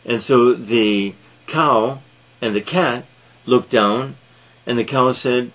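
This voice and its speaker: A man telling an animal fable aloud, halting with frequent fillers and restarts. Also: mid-range voice, a bit bright. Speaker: storyteller. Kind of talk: read-aloud storytelling.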